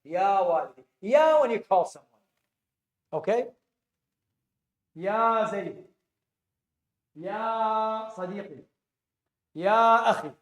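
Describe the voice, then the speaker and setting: A man's high-pitched, lively voice moves at a moderate pace with long pauses as he teaches Arabic, quizzing students and repeating phrases with frequent restarts. The echoey classroom recording has its highs cut off.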